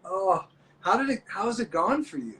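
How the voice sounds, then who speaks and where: A man's voice: sits high, big pitch swings, moderate pace, a bit bright. Goofy, playful man on a phone call. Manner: goofy, playful, self-described a bit nuts. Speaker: guest. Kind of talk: casual chat.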